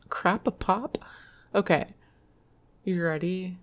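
A woman's voice: mid-range voice, sing-song, a little slow. A woman reading tongue twisters aloud in a casual solo video, laughing and swearing at her own slip-ups.

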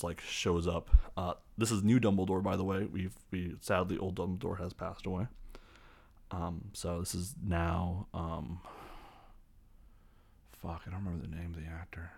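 A man's voice: low-pitched, creaky, slightly rough. A man giving a casual, rambling, jokey recap of a film scene by scene, with lots of fillers. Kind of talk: casual movie recap commentary.

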